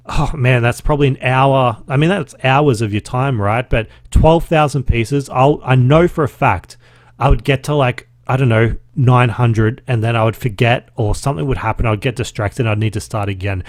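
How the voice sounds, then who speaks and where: A man in his thirties with an Australian accent talks in a loose, chatty way, swearing often. His pitch is mid-range for a man. The recording is dry and close, with no room sound. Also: no echo. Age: 30s. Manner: chatty and profane, with laughs. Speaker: podcast host. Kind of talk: casual solo podcast recap.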